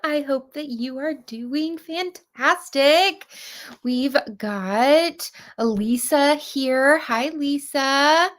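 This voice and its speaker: A woman's voice: high voice, extremely slow. A woman in her thirties hosting a book club livestream, bubbly and chatty, greeting viewers by name. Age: 30s. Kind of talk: casual livestream chat.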